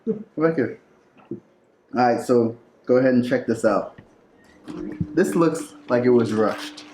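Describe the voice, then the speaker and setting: A man's voice: medium pitch, unhurried, darkish tone. A man hosting a casual food review vlog, talking in a playful, teasing way at home. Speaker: food vlogger host. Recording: echoey room with faint noise.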